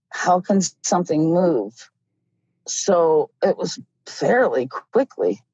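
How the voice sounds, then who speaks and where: A middle-aged woman tells her story slowly in a low voice, laughing now and then. The sound is dull and lo-fi, close and dry with no room around it. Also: no room sound. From Ohio. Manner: slow, animated storyteller who laughs often. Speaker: guest. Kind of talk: casual storytelling. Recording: dull lo-fi audio.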